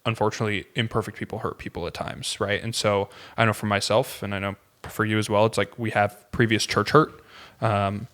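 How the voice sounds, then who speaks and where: A man's voice: fairly low pitch, little pitch movement, brisk, fairly bright tone. A man, a pastor, talking earnestly in casual conversation, with many fillers and restarts.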